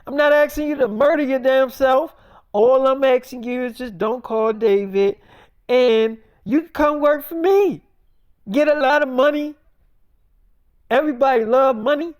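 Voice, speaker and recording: A vain, threatening celebrity woman, put on by a man in an improvised comic monologue. She swaggers, swears and talks down to her rival in a high voice. The sound is dry and close, with no room around it. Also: no echo. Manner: swaggering, profane, talks down to the listener.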